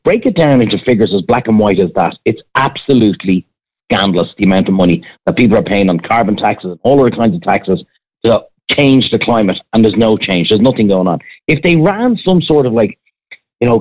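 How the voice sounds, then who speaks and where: A man's voice: fairly low pitch, fairly quick. An Irish man who owns a restaurant calls in to a radio show, chatting bluntly and cynically. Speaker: caller, restaurant owner. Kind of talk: phone-in chat. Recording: tinny phone line.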